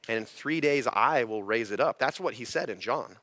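Male pastor, bright and dry-miked, conversational teaching sermon with frequent restarts. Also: medium pitch, fairly quick, hardly any pauses, no echo. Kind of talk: expository sermon. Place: church sanctuary.

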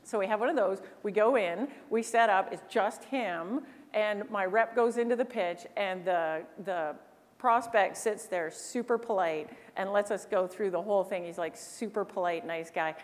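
A woman from Canada giving an animated storytelling keynote on a conference stage, often acting out other people's voices. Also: mid-range voice, normal speed. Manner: animated, acts out quoted voices. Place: large conference hall. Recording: long hall reverb.

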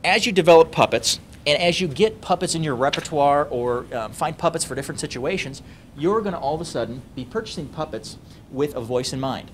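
A man with a deep bass voice teaching puppet voices in a casual, demonstrating way. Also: expressive, a little fast, slight background noise. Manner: casual, demonstrating, many ums. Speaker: puppetry trainer. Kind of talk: instructional talk.

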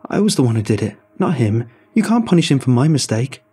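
A man voicing a frightened young man who yells and pleads in panic, over soft background music. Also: medium pitch, sing-song, slow pace, husky, voice pushed up, heavily acted. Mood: desperate. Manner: yelling, panicked and breathless.

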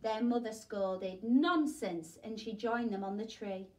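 A woman teacher reading a rhyming picture book aloud with expressive storytelling. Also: medium pitch, unhurried. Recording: voice distant from the mic.

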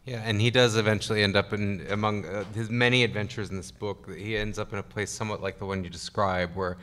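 A man's voice: lowish voice, fairly even intonation, fast talker, a bit bright. A man moderating a convention panel, asking thoughtful questions in an agreeable, slightly hesitant way. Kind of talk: panel interview.

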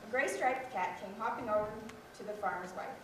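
A woman reading a children's story aloud with lively expression at a school program. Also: medium pitch, brisk. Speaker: student reader. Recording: echoey hall from far off, noisy.

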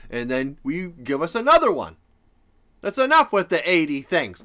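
Animated man reacting with bright laughter. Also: high-pitched, normal speed. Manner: animated, laughing asides to viewers. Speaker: reaction video host. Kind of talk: casual reaction commentary.

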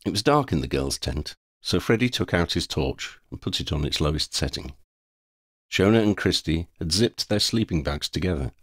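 Man, audiobook reader, very deep voice, lively intonation, dry close sound. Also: normal speed, slightly rough, dry recording. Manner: expressive storytelling. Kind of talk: reading a fan fiction audiobook.

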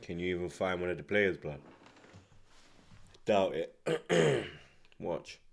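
A man's voice: sits low, big pitch swings, takes it slowly, gravelly. A man hosting a football watchalong, ranting with heavy swearing and street slang. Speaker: host.

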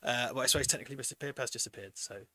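A man's voice: mid-range voice, sharp tone, dry recording. A man hosting a live stream, chatting casually in a jokey, rambling way. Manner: jokey, rambling, quick to laugh. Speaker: stream host.

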